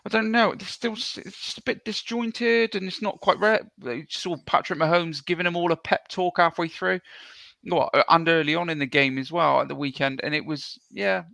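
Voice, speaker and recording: A man co-hosting a sports podcast in casual chat, rambling with many ums and restarts, blunt and quick to swear. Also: a little high, steady tone, gravelly, bright, forceful tone, no echo. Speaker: co-host.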